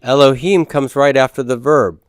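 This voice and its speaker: A male teacher talking a class through Hebrew grammar, patient and plain, with the odd dry joke. His voice is smooth and resonant. The sound is dry and close, with no room echo. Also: mid-range voice, normal speed. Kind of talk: classroom lecture.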